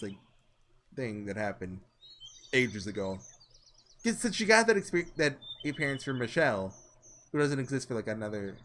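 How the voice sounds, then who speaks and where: A man's voice: mid-range voice, fairly bright tone, a little hiss or hum. A man hosting a visual novel playthrough, rambling casually with lots of filler words. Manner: rambling, chatty, full of "like". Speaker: let's play host. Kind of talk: casual game commentary.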